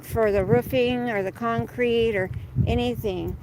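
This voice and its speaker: A woman's voice: a little high, fairly even intonation, measured pace, heavy background noise. A woman chatting casually while walking her dog, venting about work and breaking off to coax the dog along. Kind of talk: casual chat. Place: outdoors on a street.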